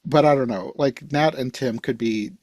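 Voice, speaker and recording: A man hosting a podcast, chatting casually about a movie with a laid-back, wry manner that drops into quiet asides. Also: mid-range voice, moderate pace, no echo. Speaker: podcast host. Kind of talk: casual movie review chat.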